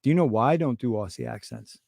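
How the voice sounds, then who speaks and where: A man's voice: mid-range voice, lively intonation, fast, vocal fry, darkish tone, no echo, clean studio sound. A man hosting a casual livestream, rambling in irreverent, conspiratorial banter with his chat. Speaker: livestream host.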